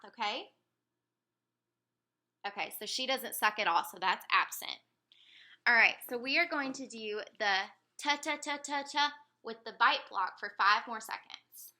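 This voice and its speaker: A woman running a motor speech examination, giving calm step-by-step instructions. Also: fairly high pitch, a little slow. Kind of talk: clinical motor speech exam.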